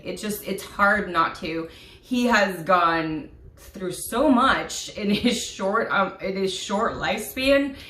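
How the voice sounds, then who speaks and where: A woman's voice: mid-range voice, sharp tone. A woman vlogger chatting casually and emotionally about a TV series, gushing, with lots of fillers. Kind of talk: casual chat. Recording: echoey room.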